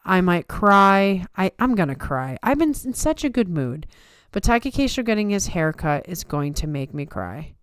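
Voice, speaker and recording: Tired lady wrapping up her live stream, chatty, smooth voice, dry close mic. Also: lowish voice, big pitch swings, moderate pace, few pauses, no room sound. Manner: chatty, rambling, answers chat comments. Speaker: livestream host. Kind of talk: casual livestream chat.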